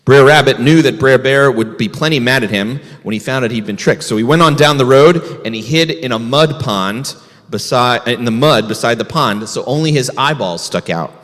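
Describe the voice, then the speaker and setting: A man's voice: mid-range voice, normal speed, a bit bright, long reverb tail. A man, a rabbi, telling a folk tale to children in a folksy way, asking the kids questions. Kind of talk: storytelling to children.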